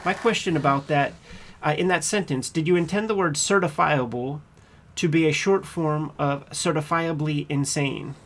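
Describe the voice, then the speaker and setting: A man's voice: a little high, moderate pace, fairly bright tone. A man reading the part of a persistent trial lawyer cross-examining a witness, in a methodical questioning manner. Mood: accusing. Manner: pointed, methodical questioning with "uh" fillers. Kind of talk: reading a court transcript aloud.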